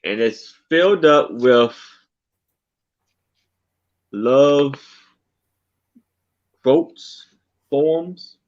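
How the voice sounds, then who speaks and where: A man who is a guest seller on a live sale, describing his items plainly and haltingly. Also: medium pitch, lively intonation. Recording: dull, lo-fi sound.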